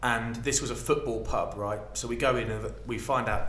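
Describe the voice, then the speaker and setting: A man's voice: medium pitch, moderate pace. A man from England, a podcast co-host, telling casual stories and acting out what people said. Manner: animated, acts out quotes loudly. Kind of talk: casual storytelling chat. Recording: echoey room, faint background noise.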